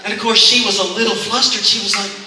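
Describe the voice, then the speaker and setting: Chuckling as he calls the audience sir and ma'am, a middle-aged man does stand-up storytelling in a church. He talks quickly in a high, level voice, picked up by a distant mic in an echoey hall.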